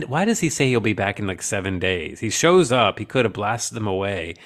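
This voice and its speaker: A man's voice: fairly low pitch, big pitch swings, brisk, a bit bright. A man co-hosting a casual, profane movie-review chat, rambling and joking crudely. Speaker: podcast co-host.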